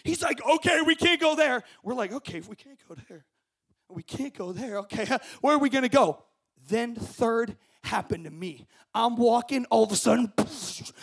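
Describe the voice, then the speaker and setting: High, gravelly young man telling a story. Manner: acts out scenes with shouts and voices. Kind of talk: animated storytelling to a group.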